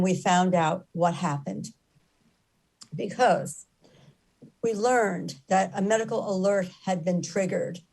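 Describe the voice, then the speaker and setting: A woman's voice: fairly low pitch, darkish tone, low-quality recording. A woman giving an earnest, impassioned spoken account, repeating phrases for emphasis. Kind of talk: earnest storytelling talk.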